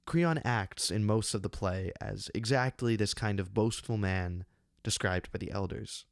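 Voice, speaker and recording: A man reading his own essay on a classic play, measured and deliberate, with slow emphatic pauses, close to a studio microphone. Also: on the low side, creaky, dry recording. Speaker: channel host giving a literary analysis.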